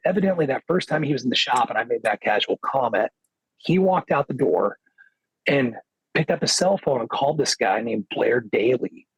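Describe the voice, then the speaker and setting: A man, a guitarist guest on a podcast, telling a casual anecdote in an animated way, acting out what other people said with lots of "he goes.". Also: mid-range voice, husky, dry recording, low-quality recording. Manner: animated, quotes others with "he goes" and acts their lines; loose filler-heavy phrasing.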